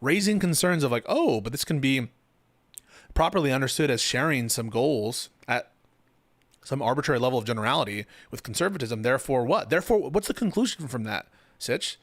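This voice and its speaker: A man's voice: mid-range voice, lively intonation, fairly quick, no room sound. A man hosting a live political stream who chats loosely with his audience, swears and jokes, then argues points in a debate. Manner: loose, profane, joking. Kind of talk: casual live-stream chat and debate commentary.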